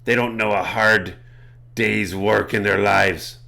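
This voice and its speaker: A man's voice: fairly low pitch, fairly even intonation, slow, vocal fry, pushed and bright, full character voice. A man voicing a cat-like creature who talks with a pirate accent. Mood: dismissive.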